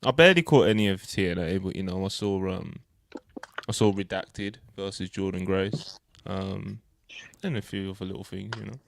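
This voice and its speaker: A man's voice: deep voice, moderate pace, gravelly, no echo. A man co-hosting a casual podcast chat, laid-back and saying bro often. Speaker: podcast co-host.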